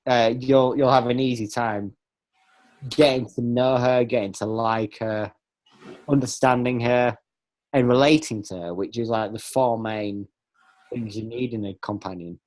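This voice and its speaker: A man's voice: mid-range voice, a little slow. Stammering man chatting on a fan podcast. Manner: stammering restarts, excitable. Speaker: podcast host. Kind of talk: casual fan podcast chat.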